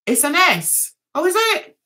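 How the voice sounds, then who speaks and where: A woman hosts a relaxed livestream chat, laughing often as she answers her viewers. Her voice is bright and high, and she talks at an unhurried pace. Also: slight background noise. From England. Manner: giggly, chatty, reads viewer comments aloud and answers them. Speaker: livestream host.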